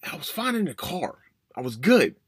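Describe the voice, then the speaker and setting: A man in his 30s hosts a podcast, telling a personal story in a casual monologue that's emotional, rambling, and repetitive. His voice is on the high side with big pitch swings, slightly rough, at normal speed, recorded in a clean studio with no room sound.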